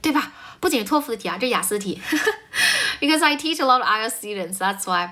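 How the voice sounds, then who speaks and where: A woman's voice: on the high side, animated, quick pace, sharp tone. A woman from China with a mostly American accent, a chatty English speaking teacher who greets viewers and laughs easily on a live stream.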